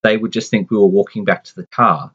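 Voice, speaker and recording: A man's voice: on the low side, steady tone, fast talker, a bit bright, breathy edge. A man in his forties telling a family story in a casual, rambling way, full of restarts and asides. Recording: dull lo-fi sound.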